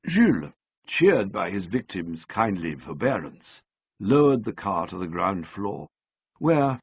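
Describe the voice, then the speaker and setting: A man narrating an audiobook in a measured, dryly comic storytelling manner, on a close studio mic. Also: low voice, sing-song, breathy edge, dull audio.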